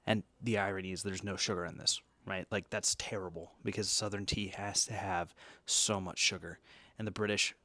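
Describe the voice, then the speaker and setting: A man's voice: sits low, fairly even intonation, normal speed, few pauses, bright, forceful tone, no room sound. A man hosting a casual talk, chatty and jokey, full of asides and tag questions. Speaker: host reviewing energy drinks and decks. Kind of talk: casual chat.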